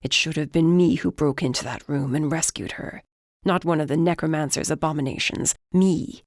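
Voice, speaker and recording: An audiobook narrator reading a first-person fantasy novel in an even, measured way. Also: mid-range voice, no room sound, clean studio sound.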